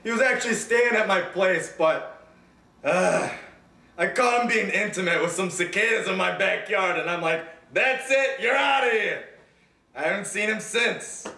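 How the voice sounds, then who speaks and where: A man's voice: high voice, normal speed, vocal fry, bright, forceful tone, exaggerated voice. A man playing a blunt, foul-mouthed young ex-friend in an amateur mockumentary interview, swearing and scoffing. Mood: recounting. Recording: echoey room with noise.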